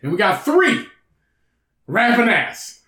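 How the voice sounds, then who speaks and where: High-voiced man telling a rambling story. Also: wildly swooping pitch, takes it slowly, bright, forceful tone, roomy sound. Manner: profane, laughing, rambling. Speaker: podcast co-host. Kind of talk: casual banter, storytelling. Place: room indoors.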